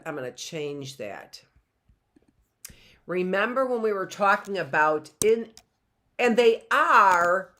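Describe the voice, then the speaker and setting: A woman's voice: medium pitch, a bit bright. A middle-aged woman teaching a grammar lesson in a chatty way, often checking in with "right?" and laughing at herself.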